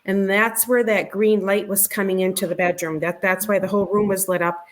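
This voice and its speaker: A middle-aged woman, an interview guest, recounting a personal experience in a conversational, halting way, often repeating words and restarting her sentences. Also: mid-range voice, little pitch movement. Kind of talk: conversational storytelling.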